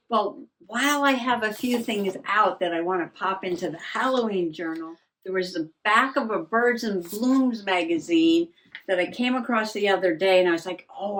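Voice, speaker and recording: A woman's voice: medium pitch, fairly bright tone. Rambling, chuckling older woman. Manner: rambling, self-mocking, laughs often. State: out of breath. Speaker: journaling vlogger. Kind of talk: casual chat.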